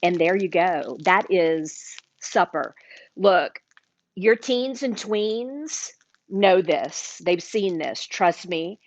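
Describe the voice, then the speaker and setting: Slow, chatty woman hosting a cooking livestream. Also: fairly low pitch, expressive, no room sound, highs cut off. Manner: chatty and enthusiastic, talks to viewers. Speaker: cooking show host. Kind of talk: live cooking demonstration. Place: home-style kitchen. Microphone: livestream camera mic.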